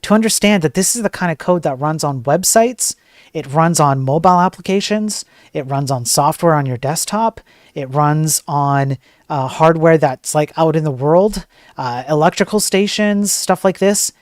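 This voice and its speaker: A man's voice: fairly high pitch, expressive, normal speed, no echo, clean studio sound. A man hosting a casual tech news stream, ranting bluntly and joking as he reads the stories. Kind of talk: casual live-stream commentary.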